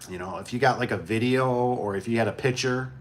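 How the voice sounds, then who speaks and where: A man from Michigan hosting a casual livestream, talking in a relaxed, rambling way and chuckling often. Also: medium pitch, a little fast, slight background noise. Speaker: livestream host.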